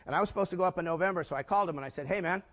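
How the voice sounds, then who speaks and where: In an echoey, large conference hall, an older man from the United States delivers a punchy business keynote peppered with rhetorical questions to the crowd. He speaks rapid-fire in a high-sitting, slightly bright voice.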